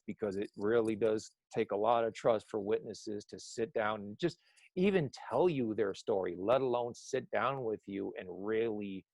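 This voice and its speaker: A man's voice: on the low side, creaky, darkish tone, no echo. A man telling a story as an interview guest, rambling, with many restarts and self-corrections.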